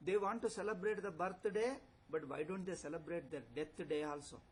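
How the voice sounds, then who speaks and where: A man's voice: a little high, a little fast, slight background noise, poor audio. A man giving a philosophy lecture as a swami, using rhetorical questions and repeating key points. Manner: rhetorical questions, repetition, chuckles. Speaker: swami teaching a scripture class.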